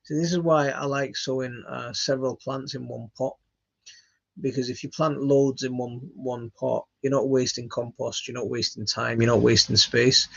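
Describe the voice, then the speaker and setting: A man hosts a relaxed question-and-answer chat. His voice is gravelly and slightly husky, and he stops often to fill gaps as he reads out comments. The sound is dry and a little dull. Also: mid-range voice, no echo. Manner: halting, reading out comments with many fillers. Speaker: channel host answering viewer questions. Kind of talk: casual live Q&A chat.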